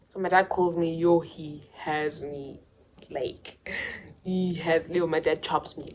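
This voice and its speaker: A woman's voice: fairly low pitch, normal speed, slight background noise, low-quality recording. A young woman from South Africa with a South African accent, telling a casual storytime to her channel and acting out the voices of the people in her story. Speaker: YouTuber.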